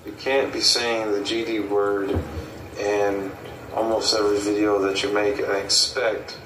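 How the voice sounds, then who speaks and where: A man's voice: fairly low pitch, level tone, unhurried, fairly bright tone. A man in a played video, talking in a lecturing, disapproving way. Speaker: video creator being reacted to. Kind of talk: casual commentary. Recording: echoey distant room with faint noise.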